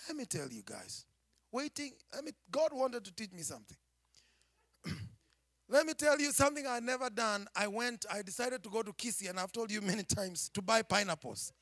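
A man with a Kenyan accent, a preacher giving a personal testimony with dramatic storytelling that swings from hushed to shouting. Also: high-pitched, animated, moderate pace, dry recording, clean studio sound.

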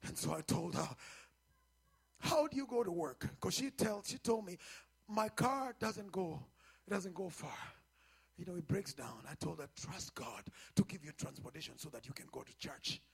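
A man preaching as a pastor, building from quiet teaching into shouted, half-sung exhortation and calls to the congregation. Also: high-pitched, animated, moderate pace, creaky, slightly rough. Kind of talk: sermon.

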